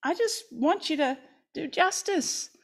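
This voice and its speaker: A woman preacher voicing God as a gentle, pleading mother, softly and tenderly. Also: high voice, expressive, measured pace, voice pushed up.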